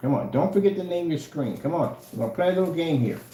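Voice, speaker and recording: Selling projector screen paint on a livestream, this man rants sarcastically at his chat, taunting viewers and daring them to respond. His voice sits on the high side, fast and mellow with lively intonation, and the room echoes with a faint hum underneath.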